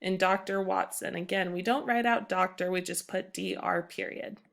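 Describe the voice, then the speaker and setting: A woman's voice: on the low side, fairly even intonation, normal speed, vocal fry. A young woman teacher giving an upbeat, emphatic recorded grammar lesson to her class. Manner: upbeat, emphatic classroom delivery, reads examples aloud.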